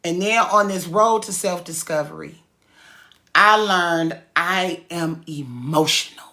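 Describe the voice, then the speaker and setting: Her pitch sits fairly low and her tone is sharp as she takes her time. A cookie business owner who also gives talks, she delivers casual motivation full of everyday slang, pressing and repeating each point like a sermon.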